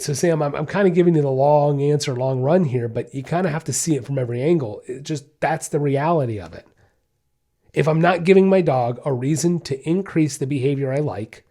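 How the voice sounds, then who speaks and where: A man with a mellow, mid-range voice hosts a dog-training podcast, explaining things in casual, emphatic talk that keeps circling back to his key points. He repeatedly asks "you see what I'm saying?" to check the listener is following, and acts out the dog's thoughts in quoted asides.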